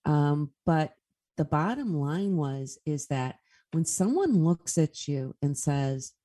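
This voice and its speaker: A woman's voice: low-pitched, big pitch swings, slow pace, warm tone. A woman speaking as a guest medium in a casual interview, telling stories in an earnest way.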